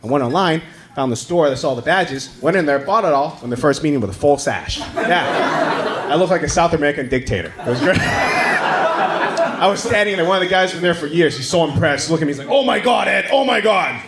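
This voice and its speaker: A man in his thirties, a native Mandarin speaker, doing an animated stand-up set on a comedy club stage and shouting his punchlines. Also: a little high, quick pace, a crowd in the background. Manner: animated, shouts punchlines, acts out others' voices. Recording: live club recording, roomy, loud audience laughter.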